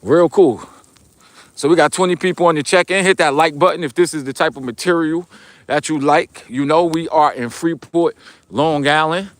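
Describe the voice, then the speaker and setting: A man's voice: fairly high pitch, moderate pace, no echo. Laid-back New York man chatting on a stream. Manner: laid-back, reads chat comments aloud, loose slangy talk. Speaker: livestream vlogger. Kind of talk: casual livestream chat with viewers. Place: outdoors on a snowy street, walking.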